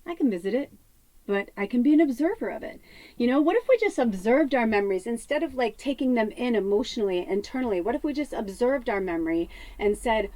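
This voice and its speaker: A woman's voice: fairly high pitch, expressive, fast, warm tone, poor audio. A woman talking casually to camera as a psychic medium, chatty with many fillers, at times dropping her voice to a whisper. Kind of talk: casual spiritual talk to camera. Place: home off grid.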